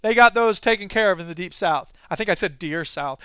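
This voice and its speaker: A man's voice: high-pitched, fairly quick, hardly any pauses, bright, forceful tone, clean tone, no room sound, clean studio sound. A male host reading news stories and breaking in with sarcastic comic asides. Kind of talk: comedic news commentary.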